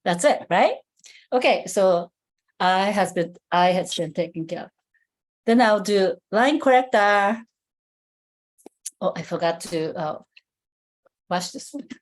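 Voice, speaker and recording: Speaking at medium pitch in an animated way, a woman demonstrates skincare live over video call. She goes step by step but halts often, restarting and filling gaps with filler words.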